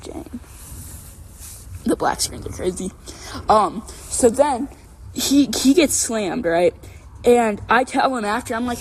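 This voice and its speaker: A young woman co-hosting a podcast, telling a long story in a casual, animated, rambling way with lots of fillers and "right?" checks. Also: on the high side, slow pace, long pauses, a little hiss or hum. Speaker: podcast co-host.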